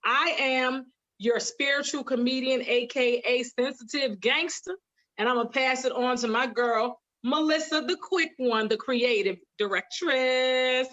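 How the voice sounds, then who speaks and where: A comedian woman greets the stream in a loud, joking, animated way. Her voice is high and bright, and the audio is muffled and lo-fi. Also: a little slow. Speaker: comedian, co-host. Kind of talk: casual live-stream chat.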